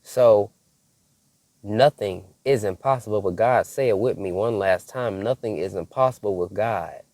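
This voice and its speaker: A man's voice: on the low side, measured pace, darkish tone, no room sound. A man giving a devotional message to his viewers as a prophetic preacher, emphatic, repeating key phrases and checking in with "okay?".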